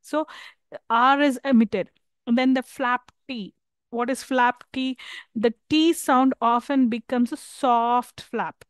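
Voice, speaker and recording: A woman's voice: a little high, fairly even intonation, takes it slowly, clean tone, dry recording. A woman with an Indian English accent giving a live university lecture, hesitant with many fillers and restarts, checking in with her listeners.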